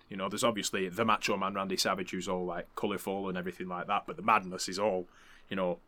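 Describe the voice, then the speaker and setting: A man's voice: low-pitched, fairly bright tone. A man hosting a podcast, recapping events in a chatty, laughing way and swearing freely. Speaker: podcast host. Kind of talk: casual recap commentary.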